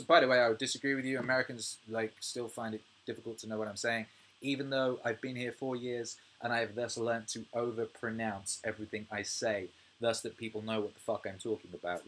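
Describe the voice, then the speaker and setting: A British man in his thirties hosting a casual livestream, reading viewer comments, swearing freely and ranting with animated energy. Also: mid-range voice, a little fast, slightly rough. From United Kingdom. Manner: swears freely, animated rants, laughs often. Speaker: music producer and livestream host.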